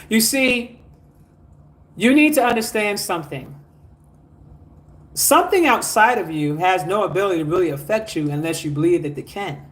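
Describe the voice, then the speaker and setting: A man's voice: sits high, expressive, moderate pace, pauses often, a bit bright. A man hosting a spiritual livestream, reading out viewer comments and urging people to like, share and donate. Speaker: spiritual teacher.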